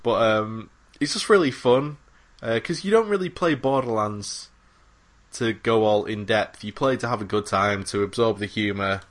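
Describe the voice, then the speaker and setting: Speaking at a moderate pace in a fairly low voice, this podcast co-host rambles enthusiastically about games. His casual talk is full of filler words and curses.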